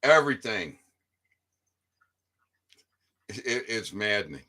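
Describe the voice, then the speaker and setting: A man's voice: on the low side, big pitch swings, a little fast, bright, forceful tone. A man giving a rambling casual monologue to his viewers, stammering over repeated words and swearing freely. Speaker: independent online commentator.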